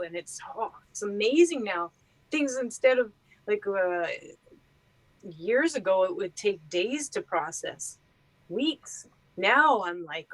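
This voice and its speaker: A woman's voice: medium pitch, expressive, takes it slowly, dry recording, low-quality recording. Chatty woman guest, dry close sound. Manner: chatty, laughs often, acts out her own thoughts. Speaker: podcast guest. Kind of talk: casual conversation.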